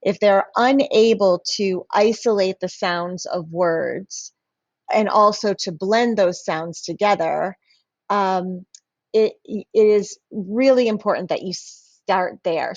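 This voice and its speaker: A woman coach talks teachers through a training session in a plain, mid-pitched voice. She hesitates often, filling gaps with ums and restarting her sentences. The sound is dry and a little muffled. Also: no echo. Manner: hesitant, many fillers and restarts. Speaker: instructional coach. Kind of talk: professional development lesson.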